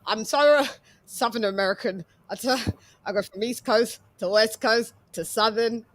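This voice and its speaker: An English woman with a fairly high voice speaks at a moderate pace while hosting a laid-back boxing chat livestream. She's playful and talkative, singing little jingles to introduce guests and tossing in chatty asides.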